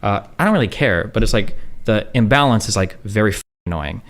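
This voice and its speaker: A man's voice: on the low side, animated, fairly bright tone. A man in a casual, rambling monologue, answering chat questions and swearing freely, with constant fillers. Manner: rapid, profane, heavy on fillers like "like" and "um".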